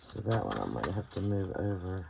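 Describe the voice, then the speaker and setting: A tired woman with a West Virginian accent hosts her bookbinding channel late at night, giving a casual hands-on tutorial while thinking aloud, rambling and hunting for words. Her voice is very deep and sing-song at a moderate pace. Heavy background noise is present, with paper clearly crinkling and clicking behind her.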